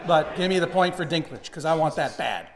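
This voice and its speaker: A man's voice: a little high, animated, brisk. A man from Massachusetts, a comedy panelist, speaking in a mock-formal, theatrical way on stage. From Massachusetts, USA. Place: theatre stage before a live audience. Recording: live show with audience behind.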